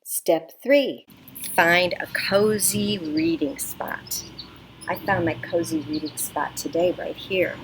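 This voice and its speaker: Taking it slowly in a lowish voice, a woman librarian reads a picture book to young listeners on a front porch, animated, teacherly and coaxing. This children's storytime read-aloud was recorded through a computer webcam, with background noise including neighborhood sounds.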